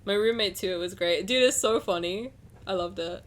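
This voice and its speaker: A woman's voice: mid-range voice, normal speed. A young woman from England with a southern English accent and a slight transatlantic lilt, chatting casually with her live stream chat in a rambling way. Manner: rambling, chatty, lots of "like" fillers.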